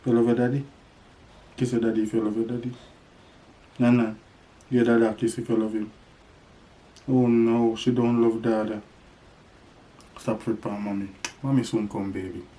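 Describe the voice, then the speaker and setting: A man's voice: mid-range voice, flat delivery, normal speed, long pauses, dark tone. A man talking playfully to his baby in a home vlog, making animal sounds. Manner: sing-song talk to a toddler with animal sounds. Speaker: father teaching his baby.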